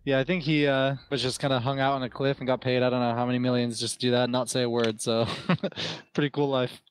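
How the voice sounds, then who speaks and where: A man's voice: medium pitch, little pitch movement, fast talker, a little hiss or hum. A British man, a podcast guest, chatting in a rambling, self-deprecating way. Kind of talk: casual podcast chat.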